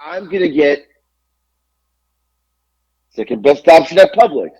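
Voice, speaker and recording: A man's voice: fairly high pitch, unhurried, slightly rough, rough recording. A man co-hosting a podcast, telling a long exasperated story full of swearing. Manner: animated, profane, exasperated ranting. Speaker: podcast co-host. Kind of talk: casual storytelling rant.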